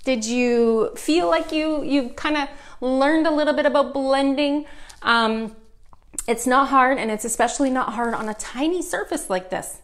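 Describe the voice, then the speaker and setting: A middle-aged Canadian woman leads a live furniture painting lesson, chatty and upbeat, talking straight to her viewers. Her voice sits a little high for a woman. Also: a little slow.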